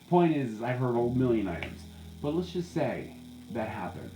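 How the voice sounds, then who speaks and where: A man who works as a psychic medium, talking candidly and jokingly in a casual monologue. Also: moderate pace. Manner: candid, joking, animated with sudden high jumps. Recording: echoey room, faint background hum.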